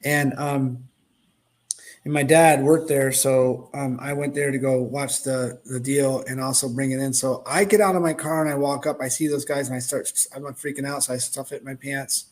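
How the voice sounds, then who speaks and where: A middle-aged man telling a casual story in an animated way, acting out the voices of the people in it. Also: mid-range voice, moderate pace. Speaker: host, product owner.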